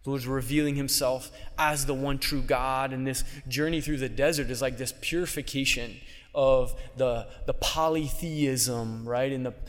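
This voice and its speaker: A man preaching a homily in an easy, conversational way, his voice sitting at an ordinary middle pitch. He slips casually into quick voices for the people in his story. The sound carries the long reverb of a large church hall. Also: steady tone, soft background music.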